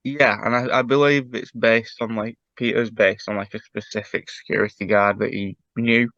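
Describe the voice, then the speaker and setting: Guy chatting about a cartoon, lowish voice, dull dry recording. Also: fairly even intonation, normal speed, sharp tone, no room sound. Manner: analytical, hesitant with many fillers. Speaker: podcast co-host. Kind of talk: casual chat.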